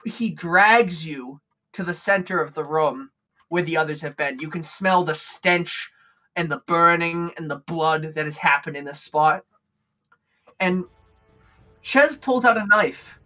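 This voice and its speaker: A man narrating as game master of a tabletop game, describing scenes with frequent pauses. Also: high-pitched, pushed and bright. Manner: descriptive, hesitant with fillers.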